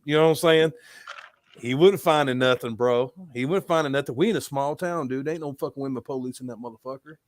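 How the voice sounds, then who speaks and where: A man's voice: mid-range voice, brisk, no room sound, studio quality. A young adult man telling a story in casual, profane podcast chat. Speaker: podcast host.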